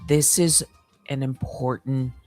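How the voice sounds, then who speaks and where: A woman hosting a livestream, reading through emails and commenting in a deliberate, measured way with many pauses. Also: a bass voice, fairly even intonation, a little mellow, faint music behind. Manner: deliberate, measured, pausing often. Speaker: livestream host.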